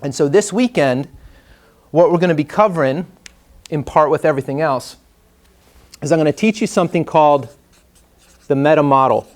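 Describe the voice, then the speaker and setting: Man telling a teaching story, higher-pitched. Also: moderate pace, long pauses. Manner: storytelling, conversational with fillers. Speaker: trainer. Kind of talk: live workshop teaching. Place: training room before a class.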